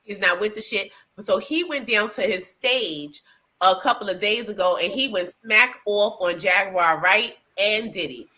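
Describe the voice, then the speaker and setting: Gossip show co-host, woman, bright tone, chatty and profane, full of fillers. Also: medium pitch, unhurried. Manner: animated, profane storytelling with many fillers. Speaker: podcast co-host. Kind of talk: casual gossip chat.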